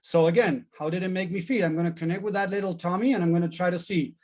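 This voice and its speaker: A man's voice: sits high, fairly even intonation, fast talker, a little mellow. A middle-aged man teaching a therapy training class, earnest and repetitive, often calling on his listeners.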